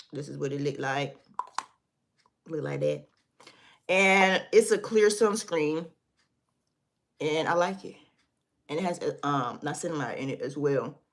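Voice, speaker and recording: A woman's voice: medium pitch, fairly bright tone. A woman hosting a casual beauty livestream from her desk, chatting loosely and talking straight to her viewers while reading their comments.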